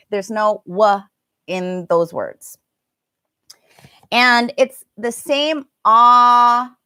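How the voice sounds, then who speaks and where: A woman's voice: medium pitch, bright, forceful tone, dry recording, clean studio sound. A woman teaching a live online English pronunciation class, chatting casually and stretching out vowel sounds to demonstrate them.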